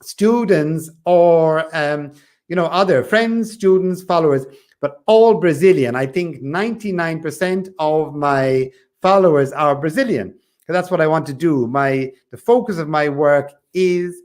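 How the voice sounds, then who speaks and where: Teacher guy chatting to followers, higher voice, mixes in portuguese bits. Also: measured pace, darkish tone. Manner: switches between English and Portuguese. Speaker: English teacher. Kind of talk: casual chat to followers.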